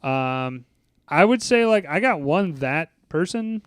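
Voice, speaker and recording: A man's voice: a little high, animated, slow, clean tone, dry recording. A man co-hosting a movie review podcast, talking in a loose, joking and profane way. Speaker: podcast co-host. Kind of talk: casual chat, movie review.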